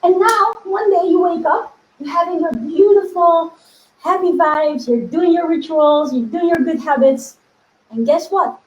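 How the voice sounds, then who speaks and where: A woman spiritual coach talking to her viewers in a casual teaching video, animated, laughing often and acting out inner voices. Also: very high-pitched, a little slow, echoey room, lo-fi sound.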